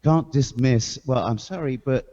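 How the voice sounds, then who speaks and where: A man on a group voice call, talking in a slow, measured way through a mic with a radio-style filter. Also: mid-range voice, warm tone. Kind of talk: casual group chat over voice call. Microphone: voice-chat microphone with a radio filter setting. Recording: lo-fi with long reverb.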